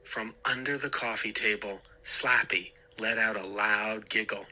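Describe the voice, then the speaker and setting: Male horror narrator, slow and dramatic, bright forceful tone. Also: fairly low pitch, fairly even intonation, low-quality recording. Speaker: storyteller. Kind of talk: scripted horror story narration.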